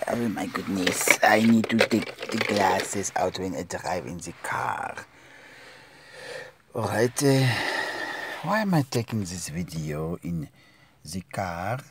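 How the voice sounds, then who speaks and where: Deep-voiced chatty man vlogging from a car. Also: slight background noise. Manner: chatty, talks to himself and viewers. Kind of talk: casual live vlog. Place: inside a car. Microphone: phone.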